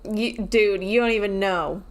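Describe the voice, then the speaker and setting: A woman's voice: medium pitch, a little slow. A woman chatting casually and cracking jokes while streaming a video game. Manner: joking and chatty, talking over the game. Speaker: gaming streamer.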